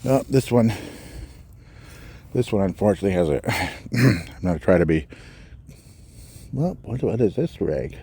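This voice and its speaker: Male podcast host, mellow low voice, halting outdoor walk-and-talk, slightly winded. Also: expressive, slightly rough. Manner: musing, halting, reads out names and dates. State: slightly out of breath. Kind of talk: walking tour commentary. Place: outdoors in a cemetery.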